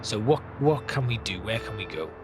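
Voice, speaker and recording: Relaxed male let's-player with a lowish voice, talks through his choices over game music. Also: normal speed. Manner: thinking aloud, planning, relaxed. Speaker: gameplay host. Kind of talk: casual gameplay commentary.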